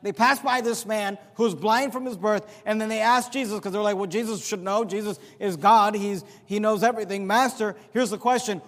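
A man preaching a sermon as a pastor, swinging from loud emphatic peaks to low quiet asides, with some sarcasm. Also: moderate pace, few pauses, in a large hall.

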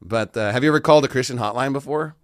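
A man's voice: mid-range voice, racing, no room sound, clean studio sound. A man hosting a casual chat, talkative and laughing, with stammering restarts. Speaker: show host.

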